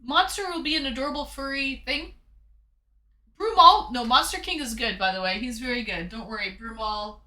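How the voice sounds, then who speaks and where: A woman's voice: on the high side, brisk, few pauses, bright, forceful tone. A woman streamer hosting viewers in casual live-stream chat, talking in an effusive, playful way.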